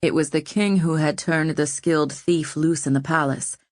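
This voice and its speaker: A woman narrating an audiobook in an even, measured voice, pitched fairly low. The recording is dry and close, with no room sound. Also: no echo. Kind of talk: scripted narration.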